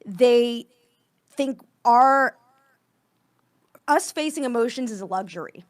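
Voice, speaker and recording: A woman co-hosting a comedy podcast, chatting casually with quick interjections and casual swearing. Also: on the high side, lively intonation. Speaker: podcast host. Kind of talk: casual chat.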